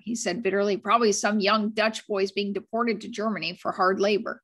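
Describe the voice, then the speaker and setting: A woman's voice: mid-range voice, fairly even intonation, a little fast. A middle-aged woman reading a chapter book aloud to children, stopping now and then to chat with them and explain things. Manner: chatty, breaks off to explain and show pictures. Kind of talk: read-aloud storytelling with asides to listeners.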